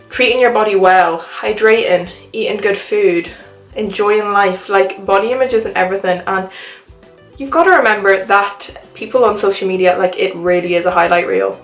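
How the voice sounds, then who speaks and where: A woman's voice: mid-range voice, steady tone, moderate pace, soft background music. Young Irish woman, mixed accent, chatty vlogger, echoey room. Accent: Irish, mixed with Liverpool and American. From Ireland. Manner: chatty, upbeat, lots of "like". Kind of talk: casual chat to camera. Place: her home.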